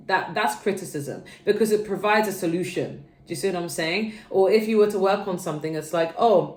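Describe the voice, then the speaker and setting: A woman's voice: on the low side, brisk, hardly any pauses, a little mellow. A young woman giving a casual, chatty tarot reading to her viewers, rambling and checking in with "okay" often. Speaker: tarot reader. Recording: roomy echo.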